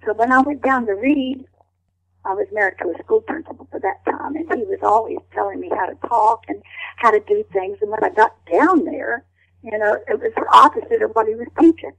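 An older woman being interviewed, telling lively stories and slipping into rough character voices. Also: fairly high pitch, fairly quick, poor audio. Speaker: guest. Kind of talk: storytelling interview chat.

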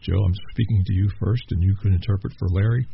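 A man hosting a radio interview show, talking in a relaxed, rambling way with fillers. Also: deep voice, fast talker, vocal fry. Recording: dull lo-fi with faint noise.

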